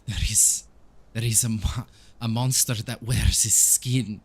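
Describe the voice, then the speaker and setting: A man's voice: on the low side, steady tone, measured pace, breathy edge, pitched above the performer's own voice. A man voicing a grieving older male village priest who weeps, stammers and pleads in a raised voice. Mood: grief-stricken.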